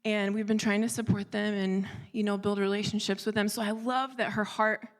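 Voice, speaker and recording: A woman delivers a church sermon as a lively personal story. She talks in a casual, conversational way, full of asides, and acts out the dialogue of the people in it. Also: medium pitch, brisk. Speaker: church speaker.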